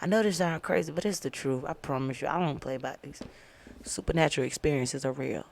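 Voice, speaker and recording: Low gravelly woman giving testimony. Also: fast, slight background noise. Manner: animated, emphatic storytelling. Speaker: podcast host. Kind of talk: personal faith testimony. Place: downtown, indoors.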